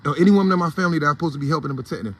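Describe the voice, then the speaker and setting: A man's voice: a little high, rapid-fire. A man with an African American Vernacular English accent hosting a casual morning commentary, blunt, heated and profane in a preachy way. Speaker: host of a morning commentary show.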